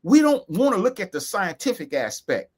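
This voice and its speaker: An emphatic man in co-hosts a serious talk, voice pitched high. He drives points home by repeating key phrases slowly. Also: big pitch swings, slightly rough. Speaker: co-host. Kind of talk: earnest discussion.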